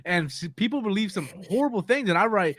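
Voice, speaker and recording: A man's voice: sits high, animated, quick pace, fairly bright tone, dry recording, clean studio sound. A man hosting a live movie talk stream, ranting casually, exasperated, repeating himself and swearing freely.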